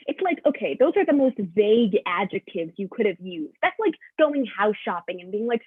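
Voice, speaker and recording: A teenage girl doing a stand-up comedy set, sarcastic with quick punchlines, on a dry, tinny recording. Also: medium pitch, very animated, husky, dry recording. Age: late teens. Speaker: student comedian. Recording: dry tinny phone-like sound.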